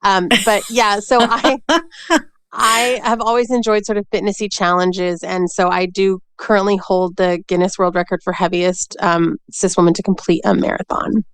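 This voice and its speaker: A woman's voice: medium pitch, fairly even intonation, normal speed, clear, resonant tone, dry recording. A woman in her forties speaking as a podcast guest, explaining things with assurance and dry humor. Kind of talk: casual interview talk.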